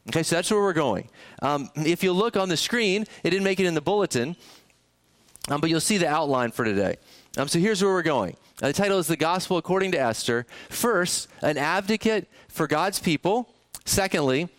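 A male pastor preaching a sermon in a conversational way, often putting questions to the congregation. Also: fairly high pitch. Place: church sanctuary.

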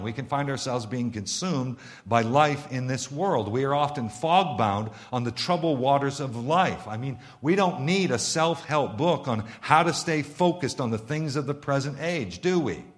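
A Canadian-accented man preaching a sermon. His pitch rises and falls freely as he stresses lists of words. He keeps asking his listeners pointed rhetorical questions. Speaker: pastor.

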